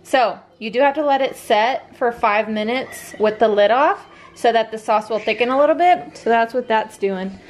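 A mother vlogging from her home kitchen chats casually through each cooking step in a slightly high voice. She talks at a normal speed with few pauses, and there's a little hiss or hum on the audio.

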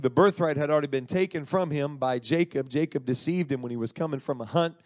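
Folksy preacher retelling a story. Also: male voice, a little high, fast, hardly any pauses, dry recording, clean studio sound. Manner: animated, folksy, acts out voices. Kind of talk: sermon storytelling.

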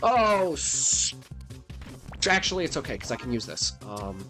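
A man's voice: medium pitch, quick pace, music in the background. A man giving playful gameplay commentary, talking directly to his viewers. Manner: playful, talks to viewers, animated. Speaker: let's play host.

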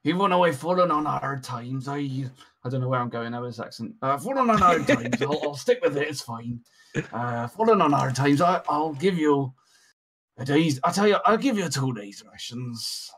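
A man's voice: mid-range voice, fairly even intonation, brisk, natural voice. A man voicing a balding, down-on-his-luck male shopkeeper in a tabletop game, with a put-on accent, formal and hesitant. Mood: wheedling. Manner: formal, hesitant speech with many fillers.

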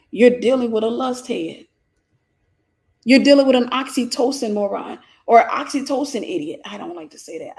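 A woman's voice: fairly high pitch, gravelly, darkish tone. A woman with a Southern accent giving a preachy, informal Christian lesson on relationships, emphatic and repetitive with folksy jokes.

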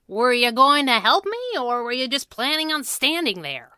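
A woman's voice: high voice, big pitch swings, normal speed, bright, forceful tone, smooth, dry recording, clean studio sound, voice pushed up, full character voice. A woman voicing a fierce, bossy young girl detective who talks bluntly and scolds.

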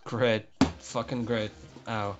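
Young man, let's play commentary, unhurried delivery, cursing under his breath. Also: fairly low pitch, level tone, lo-fi sound. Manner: frustrated, swearing, muttering to himself. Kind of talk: casual gameplay commentary.

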